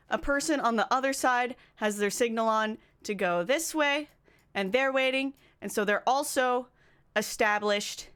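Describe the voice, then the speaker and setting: A female streamer talks casually with her live audience, telling a story with lots of animation, and her voice rises as she gets more worked up. The tone is clean.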